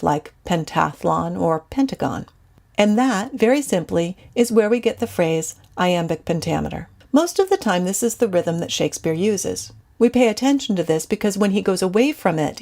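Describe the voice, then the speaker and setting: A woman teacher giving a scripted, measured lecture to students. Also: medium pitch, a little mellow.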